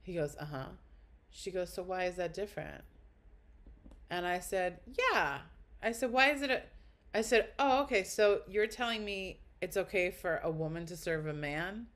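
A woman's voice: fairly low pitch, normal speed, a bit bright. A woman guest on a podcast, telling a story in casual chat, blunt and crude, acting out quotes with big jumps in her voice.

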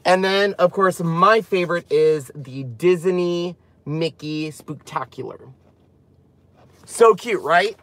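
A man presenting a craft channel, chatting casually and rambling excitedly as he walks through a product. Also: sits high, slow pace.

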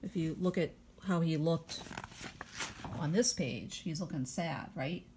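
A woman teacher reading a picture book aloud to young children at home over video, stopping to ask gentle guiding questions and explain her thinking patiently. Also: deep voice, a little slow, slight background noise.

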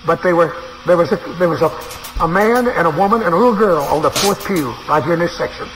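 A man's voice: a little high, quick pace, background noise. A man preaching a sermon, telling a dramatic story with an emotional delivery. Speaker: evangelist preacher.

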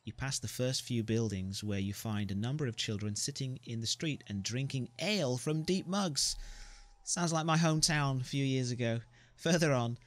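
A man's voice: medium pitch, no room sound. Man narrating his story-game playthrough, joking asides, mid voice, dry close sound. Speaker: gamer. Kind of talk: reading a story game aloud.

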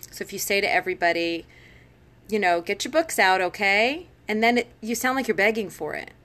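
A woman's voice: lowish voice, fairly bright tone. A middle-aged woman giving casual, conversational teaching advice on a live stream, laughing often between points. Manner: conversational, frequent laughs and fillers. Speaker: teacher and education blogger. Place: home, live phone broadcast.

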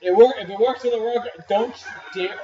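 High-voiced man teasing his co-host. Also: moderate pace. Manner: short teasing replies. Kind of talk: casual gameplay chat. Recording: roomy, distant, dull mic with game music.

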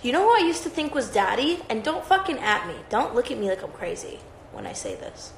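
A woman's voice: fairly high pitch, huge pitch swings, brisk, creaky, a little hiss or hum. A woman hosting a livestream, chatting in a rambling, profane, casual way. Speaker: livestream host. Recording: roomy echoey sound.

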